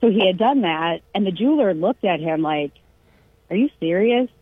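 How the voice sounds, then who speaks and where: A woman from California telling a long family anecdote in casual chat, animated and acting out the quoted lines. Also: fairly low pitch, fairly quick, husky, no room sound. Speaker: storyteller. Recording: tinny phone-line sound.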